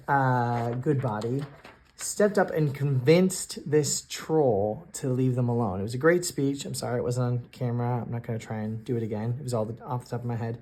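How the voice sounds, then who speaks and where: A man narrating his own solo tabletop game, thinking aloud in a halting way with many restarts. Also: medium pitch, darkish tone. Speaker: solo game master and player. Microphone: self-recorded on camera.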